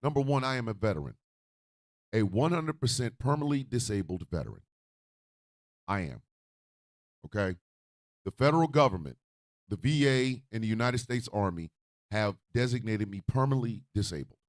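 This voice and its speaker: A man hosting a radio show, ranting in a profane, fiery way and often shouting. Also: on the low side, animated, normal speed, pauses often, no echo, clean studio sound.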